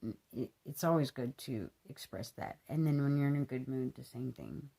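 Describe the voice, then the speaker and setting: A woman in her thirties speaks straight to the camera in a loose, rambling monologue. Her voice is gravelly with a husky edge, and she keeps filling pauses with ums as she earnestly works through her thoughts. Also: extremely low pitch, expressive, mellow. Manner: earnest, rambling with many fillers. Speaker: vlogger.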